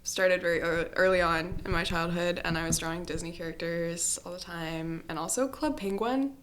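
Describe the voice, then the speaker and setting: A young woman talks as a podcast guest. Her tone is bright and forward, and she rambles easily, filling her talk with "like" as she goes. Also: lowish voice, moderate pace. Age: young adult. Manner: chatty, rambling, says "like" often. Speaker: podcast guest, animation student. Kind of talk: casual interview chat.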